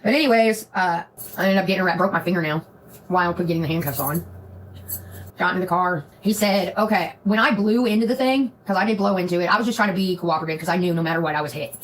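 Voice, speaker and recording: A woman's voice: on the low side, quick pace, slight background noise, low-quality recording. A woman on a live stream telling a rambling, profane story in casual chat. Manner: profane, rambling, animated retelling.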